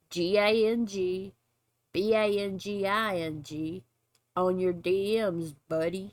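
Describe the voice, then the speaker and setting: Slow, dry-voiced woman narrating online drama. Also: mid-range voice, fairly even intonation, dry recording. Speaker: YouTube commentary host. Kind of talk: drama commentary voice-over.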